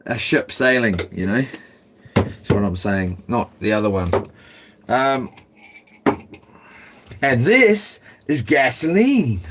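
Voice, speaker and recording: A man's voice: mid-range voice, lively intonation, takes it slowly, long pauses, background noise. A man with a New Zealand accent, rambling and slangy as he vlogs from a houseboat. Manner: rambling, slangy, self-talking. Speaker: vlogger. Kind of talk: casual chat to camera. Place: houseboat on the ocean.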